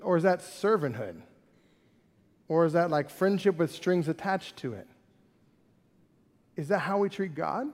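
High-voiced animated preacher in a reverberant hall. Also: male voice, measured pace, pauses often. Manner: animated, conversational preaching with rhetorical questions. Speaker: pastor. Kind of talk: sermon.

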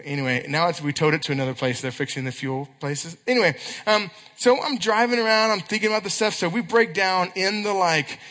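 Male youth preacher, high bright voice, lively storyteller, echoey church hall. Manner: animated storytelling with quick asides and acted quotes. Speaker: youth pastor. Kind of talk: sermon.

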